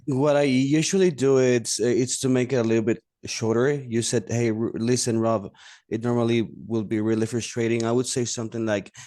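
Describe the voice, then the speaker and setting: A man's voice: medium pitch, flat delivery, brisk, dark tone, no echo, studio quality. A man joining a webinar who hesitantly shares his own approach, restarting his phrases as he speaks. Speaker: webinar participant. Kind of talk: casual remarks on a video call.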